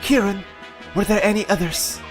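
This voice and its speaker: A man voicing a gentle, earnest young princess in a video game playthrough. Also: sits high, normal speed, faint music behind, pitched above the performer's own voice, close to an everyday voice. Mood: relieved.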